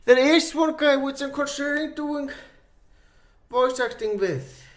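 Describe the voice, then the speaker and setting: Really high voiced guy running a voice call, keeps telling people to wait their turn. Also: measured pace, a bit bright. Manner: moderating, interrupting, politely firm. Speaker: host of a group voice call about his series. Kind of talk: casual group call.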